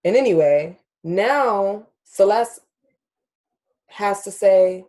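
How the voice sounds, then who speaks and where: A woman's voice: medium pitch, expressive, very slow, dark tone. A young adult woman hosting a podcast, telling a personal story in casual chat, candid and emotional, swearing freely and talking straight to her listeners. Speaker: podcast host.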